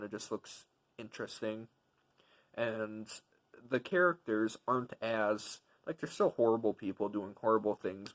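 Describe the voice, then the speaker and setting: A young man talks through a film review in a loose, rambling way, leaning on fillers and circling back on his points. His voice sits a bit on the low side, and he gets openly enthusiastic about what he liked. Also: rough recording. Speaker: movie reviewer. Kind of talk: casual spoken film review.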